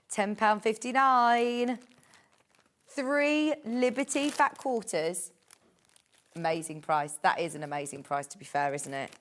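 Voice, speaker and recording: A woman presenting on a live home shopping show, chatty and gushing as she reads out prices and product codes. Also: mid-range voice. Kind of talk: live TV sales pitch.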